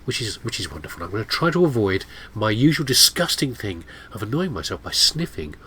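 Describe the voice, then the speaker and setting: A man with a cold commentates on a game, sounding nasal and blocked up. His voice is low and a little husky, and his pitch swings widely as he rambles through chatty asides. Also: very animated, fairly quick, sharp tone. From United Kingdom. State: has a cold. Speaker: gameplay commentator. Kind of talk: casual let's play commentary.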